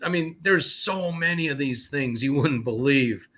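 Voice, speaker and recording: In an unhurried, mid-range voice with a fairly bright tone, a man calls in as a guest and tells stories. He's a trucker from North Carolina, and his talk is casual, indignant, rambling and full of fillers.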